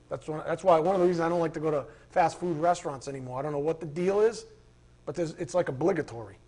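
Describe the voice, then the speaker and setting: A man pastor giving a conversational sermon, rambling and informal, who flares into animated rants. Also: on the high side.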